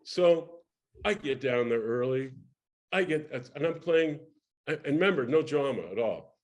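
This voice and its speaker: A man's voice: medium pitch, measured pace. An older man, a guest in an interview, telling a career anecdote with energy and acting out the people he quotes, with frequent restarts. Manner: lively storyteller, acts out quoted voices, many restarts. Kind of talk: animated anecdote in casual interview.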